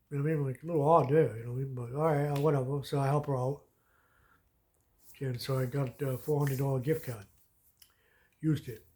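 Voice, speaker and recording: A man's voice: medium pitch, a little mellow. A man telling a rambling, profane story in a casual rant, often repeating filler phrases. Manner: profane, rambling, repeats "you know what I mean". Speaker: vlogger.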